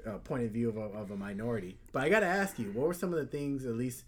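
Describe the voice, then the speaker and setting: A man's voice: medium pitch, very fast, husky. A man, a podcast co-host in casual chat, telling anecdotes and acting out the voices in them. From Texas. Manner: animated, acts out voices in anecdotes.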